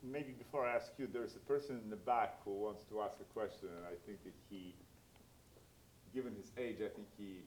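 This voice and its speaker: Brief: man hosting the audience Q&A, low voice, polite, hesitant phrasing. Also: a little fast, darkish tone, slight background noise. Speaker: moderator of the question session. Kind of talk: running a lecture Q&A.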